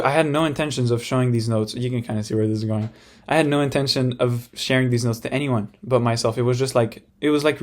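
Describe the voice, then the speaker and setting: A young man talks to camera in a loose, rambling personal monologue, speaking frankly and stopping often to restart his thoughts. His voice sits at an ordinary, middling pitch for a man. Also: a little mellow. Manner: rambling, frank, full of fillers. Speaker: vlogger.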